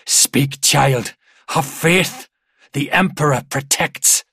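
A man's voice: a little high, slow, sharp tone, slightly rough, dry recording, studio quality, voice pushed up, heavily acted. A man playing a stern, devout soldier father who barks commands at his daughter. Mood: fervent commanding. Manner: commanding, insistent.

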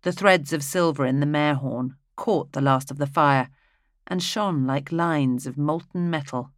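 Steady audiobook narrator, dry sound. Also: medium pitch, unhurried, dry recording.

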